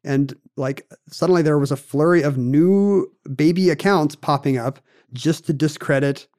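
A man's voice: fairly high pitch, normal speed, a little mellow. A man hosting a casual chat, explaining a story in a wry, conversational way with dry asides.

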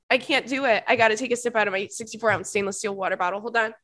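A young woman hosting a podcast in casual chat, animated and prone to high, squealing laughter, recorded close on a microphone. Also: very fast, hardly any pauses, dry recording. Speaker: podcast host.

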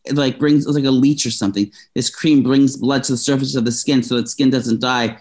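A young man co-hosting a casual talk show, telling a personal story at length. He rambles and restarts often, and he sounds openly emotional. His voice sits at an ordinary middle pitch. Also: fairly even intonation, brisk, darkish tone. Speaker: podcast co-host telling a story. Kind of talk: casual chat.

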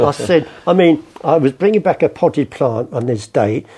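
Older English raconteur man, husky and mellow. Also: on the high side, lively intonation, normal speed. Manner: chatty raconteur, acts out voices in his stories. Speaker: artist and storyteller guest. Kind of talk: anecdotal interview storytelling.

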